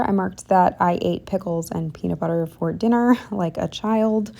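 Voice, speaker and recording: A woman's voice: lowish voice, gravelly, mellow. A young woman chatting casually through a planner voiceover, rambling with lots of ums and likes. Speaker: planner vlogger.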